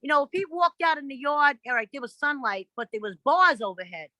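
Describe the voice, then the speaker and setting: A woman, guest on an interview podcast, telling stories in a blunt, profane and animated way, acting out other people's voices. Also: high-pitched, a little fast, no room sound, rough recording. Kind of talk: casual interview storytelling.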